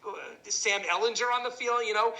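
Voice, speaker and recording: Bright-voiced man rambling about football. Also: sits high, fairly even intonation, a little fast, low-quality recording. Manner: rambling, hesitant, ends phrases with "and stuff". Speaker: sports show co-host. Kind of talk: casual sports chat.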